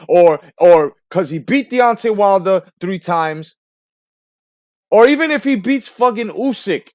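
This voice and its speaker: A man's voice: high voice, very animated, unhurried, no room sound, studio quality. A man hosting a late-night boxing talk show, ranting heatedly and profanely and firing off rhetorical questions. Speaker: host.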